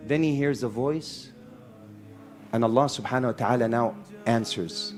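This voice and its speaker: A man preaching a lively sermon to a live audience in a hall, mixing Arabic phrases into his English. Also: medium pitch, normal speed, faint music behind. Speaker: Islamic preacher. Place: hall with a sound system and echo.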